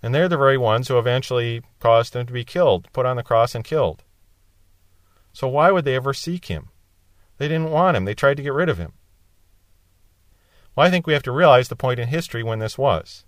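A man at a middle pitch, giving a verse-by-verse Bible lesson. He explains each passage in plain terms and lifts his voice to stress the quoted words. The sound is dry and close, with no room echo. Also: lively intonation, fairly quick, long pauses. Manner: explanatory, rising in emphasis on quoted cries. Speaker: Bible teacher.

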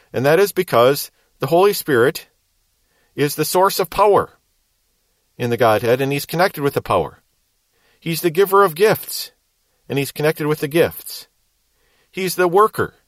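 A man with a slightly raised voice teaches Scripture verse by verse, explaining the meaning of each phrase. His delivery is measured and explanatory, and he leans on key words for emphasis. The recording is dry and close. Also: a little high, no room sound. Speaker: Bible teacher.

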